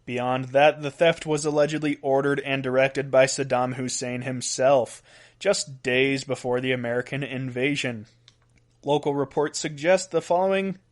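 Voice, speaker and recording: A man's voice: medium pitch, fairly even intonation, moderate pace. A man hosting a solo weird-news podcast, counting down a list and laughing at his own asides. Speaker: podcast host.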